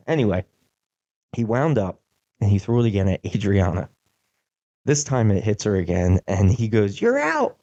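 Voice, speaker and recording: A young man hosting a podcast, telling a casual story in an animated way, with lots of "like" fillers. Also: on the low side, measured pace, pauses often, highs cut off. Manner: animated, acts out quotes, many "like" fillers. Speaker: podcast host.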